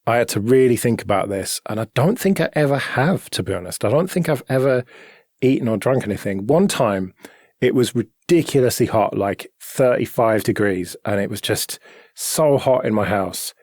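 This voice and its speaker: A man on a podcast, talking in a relaxed, matter-of-fact way in casual chat. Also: mid-range voice, normal speed, no room sound, clean studio sound. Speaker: podcast host.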